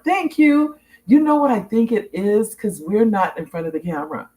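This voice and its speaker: A middle-aged woman hosts her own talk show, chatting casually, reading viewer comments aloud, and telling stories animatedly with frequent laughter and restarted sentences. Her voice is medium in pitch at a normal speed.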